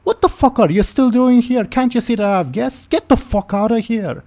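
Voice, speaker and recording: A man's voice: big pitch swings, moderate pace, warm tone. A man voicing a foul-mouthed, angry middle-aged mother in a tabletop game. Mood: furious. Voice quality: shrill, cursing.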